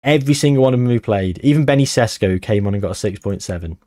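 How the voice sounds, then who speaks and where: A man giving excited, swearing commentary on a football management game he is playing. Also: on the low side, racing. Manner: animated, swearing, shouting at the match. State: out of breath. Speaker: gaming streamer.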